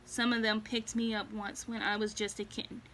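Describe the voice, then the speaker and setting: A woman's voice: mid-range voice, little pitch movement, fairly quick, a bit bright, slight background noise, close to an everyday voice. A woman voicing Thelma, a young female cat with wings who speaks in a cautious, motherly way. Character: bossy young female winged cat, the careful sister.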